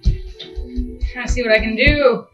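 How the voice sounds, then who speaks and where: A woman player asks quick, eager questions about the rules. Her voice comes through a slightly dull, lo-fi mic, with music faintly behind her. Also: on the high side. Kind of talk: casual tabletop game play.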